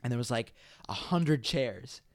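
A man telling stories in casual chat, animated, cursing often and acting out quotes. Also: medium pitch, a little slow, no echo, clean studio sound. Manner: animated storyteller, swearing, laughing, acts out quotes.

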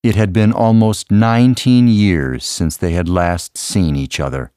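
A man with a very deep voice narrates a story slowly and steadily. The recording is dry and close, with no room sound. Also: steady tone, warm tone, smooth, no echo. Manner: measured reading, raises his voice for quoted lines. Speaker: audiobook narrator. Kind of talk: scripted narration.

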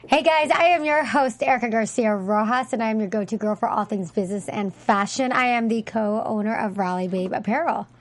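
A woman co-hosting a casual chat, giving a brisk, confident introduction. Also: fairly high pitch. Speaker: co-host.

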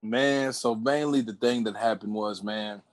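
A man's voice: fairly low pitch, a little slow, dry recording. A man co-hosting a podcast in casual banter, laid-back and joking as he rambles. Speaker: podcast co-host.

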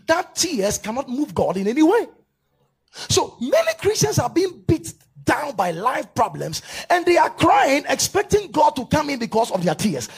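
With an extremely high pitch and moderate pace, a male preacher addresses a church congregation in a live sermon. Volunteers follow his directions during a staged demonstration as he moves from animated preaching to fervent, shouted prayer.

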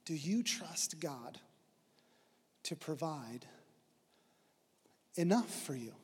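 A man preaching a sermon, earnest, swinging from emphatic and loud to soft and low. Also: lively intonation, very slow, long pauses, slightly rough, long reverb tail. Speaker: pastor.

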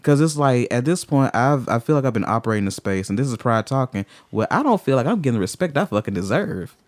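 A man in candid conversation who swings from brooding and low to loud and fired up, swearing freely. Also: big pitch swings, quick pace, dry recording.

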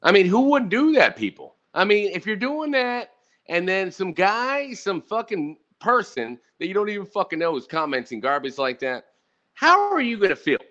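A man's voice: high-pitched, sing-song, moderate pace, pushed and bright. A man in his thirties hosting a casual podcast chat, ranting and swearing while talking straight to the audience. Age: 30s. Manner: profane, ranting, talks to the audience. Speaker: podcast host. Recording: dull lo-fi audio.

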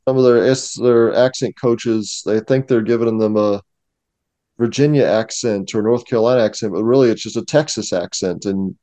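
Man explaining in a mellow, dry voice. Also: on the low side, moderate pace, no room sound. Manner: knowledgeable, explanatory, steady. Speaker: museum curator, guest. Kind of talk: casual discussion.

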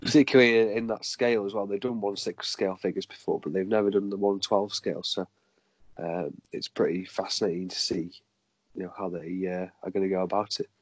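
A man's voice: low voice, fairly even intonation, fairly quick, rough recording. A man chatting casually as a podcast co-host, hesitant, with many fillers and restarts. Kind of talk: casual chat.

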